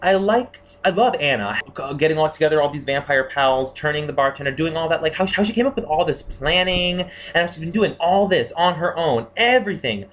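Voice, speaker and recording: A man giving a casual spoken review of TV characters, excitable and gushing, full of fillers and restarts. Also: on the high side, fairly quick, hardly any pauses. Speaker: TV series reviewer.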